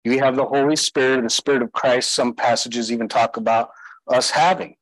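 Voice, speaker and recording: A man's voice: mid-range voice, fairly even intonation, moderate pace, dry recording, low-quality recording. A man preaching a sermon as pastor, emphatic, putting rhetorical questions to his listeners.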